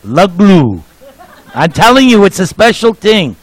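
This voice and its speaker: A man's voice: high-pitched, lively intonation, takes it slowly, no echo, poor audio. A man in his sixties giving a sermon, joking and telling anecdotes to the congregation. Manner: jovial, joking storyteller. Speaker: speaker at a temple program.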